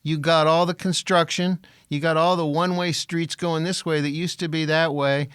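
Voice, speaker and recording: Smooth-voiced man with dry, wry humor. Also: a little high, flat delivery, moderate pace, fairly bright tone, no room sound. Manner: wry, dry jokes and grumbling lists. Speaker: podcast co-host. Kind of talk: casual chat.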